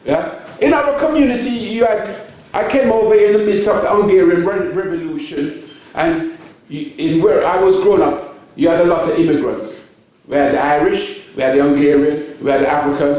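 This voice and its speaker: A man's voice: a little high, a little mellow. Chatty older man in an echoey hall. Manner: joking, chatty, keeps checking in with "yeah?". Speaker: photographer giving a public talk. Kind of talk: informal talk to an audience. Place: large theatre space. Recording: echoey hall, mic far off.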